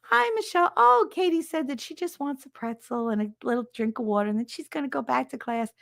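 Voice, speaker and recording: A woman voicing a calm, unflappable older school nurse in a sweet, high, sing-song voice. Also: fast, gravelly, no room sound, studio quality, exaggerated voice. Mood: chirpy.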